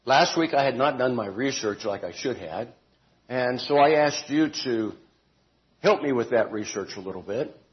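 A man teaching a Bible study group in an informal, deliberate way, stressing words and adding homely asides and self-corrections. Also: medium pitch, animated, muffled recording.

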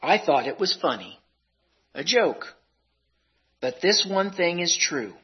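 Slow husky preacher man. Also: a little high, sing-song. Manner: slow, deliberate, emotional recitation. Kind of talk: sermon with dramatic poem reading. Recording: dull lo-fi recording.

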